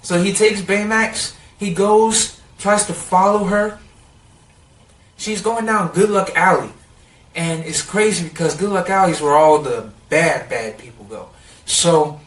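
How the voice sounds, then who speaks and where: A man's voice: sits high, distant mic. Rambling young man recapping an episode. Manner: rambling, excitable retelling full of "like". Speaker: TV episode reviewer. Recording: roomy sound, set back from the mic.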